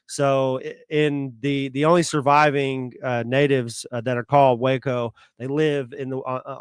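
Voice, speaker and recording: Smooth-voiced man rambling fun facts. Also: mid-range voice, dry recording, clean studio sound. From Texas. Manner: rambling fact-sharing with many "uh"s and "kinda"s. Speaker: podcast co-host. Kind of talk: casual chat.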